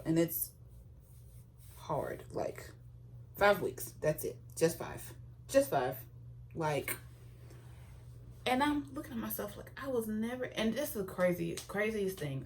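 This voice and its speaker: A young woman, pregnant, chatting casually to camera in an expressive way with sudden high exclamations. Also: a little hiss or hum, low-quality recording. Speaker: vlogger.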